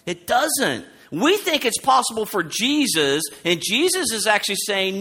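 A man preaching a sermon, animated, acting out quoted lines as he goes. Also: unhurried, few pauses. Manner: animated, acts out quoted lines with rising pitch. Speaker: pastor. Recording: long hall reverb.

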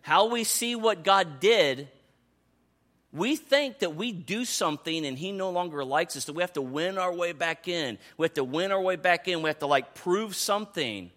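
A man in his thirties preaching a sermon in a conversational, animated way, dropping to soft asides and rising to excited calls. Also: sits high, normal speed. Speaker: pastor.

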